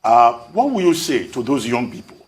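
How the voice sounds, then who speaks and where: A man, co-hosting a TV news interview and asking measured, formal questions. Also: medium pitch, big pitch swings. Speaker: TV news co-host.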